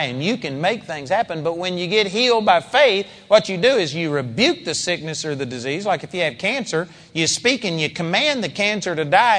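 A man's voice: high-pitched, a bit bright, long reverb tail. A man preaching a sermon in a conversational style with dramatic emphasis.

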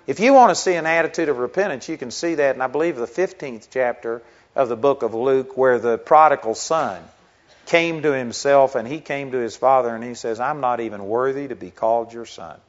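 A man's voice: medium pitch, fairly quick. A middle-aged man, a pastor, preaching a sermon in an earnest, conversational way that builds into emphatic stretches. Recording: dull lo-fi recording.

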